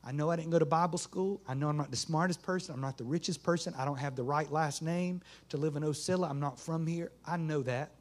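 A man's voice: a little high, fast, hardly any pauses. A man, a pastor preaching a folksy sermon in a small church. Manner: folksy Southern preaching, rising to fervent shouts.

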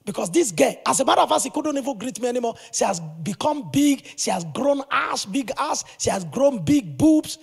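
A male pastor preaching a sermon in an animated, emphatic way, with sudden loud bursts. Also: extremely high pitch, fairly quick, creaky, few pauses, husky.

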